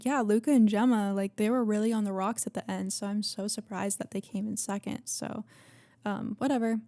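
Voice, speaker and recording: A woman's voice: medium pitch, a little mellow, no room sound. A young woman hosting a podcast in casual chat, gushing and chatty with lots of fillers and swearing. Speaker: podcast host.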